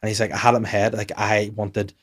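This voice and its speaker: Fast-talking man, low voice. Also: no room sound, studio quality. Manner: rambling anecdotal storyteller, quick and animated. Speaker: podcast host and comedian. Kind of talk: casual chat.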